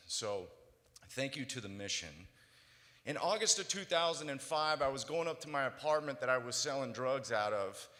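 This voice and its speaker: Raspy-voiced man telling his story. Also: mid-range voice, bright, forceful tone, long reverb tail. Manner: earnest storytelling. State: hoarse, recovering voice. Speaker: guest speaker. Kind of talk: personal testimony speech. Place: banquet hall.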